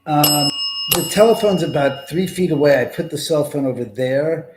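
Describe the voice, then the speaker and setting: A man's voice: a little high, moderate pace, noisy background. A man hosting a live paranormal stream from a house said to be haunted, joking and swearing casually as he talks to the spirits.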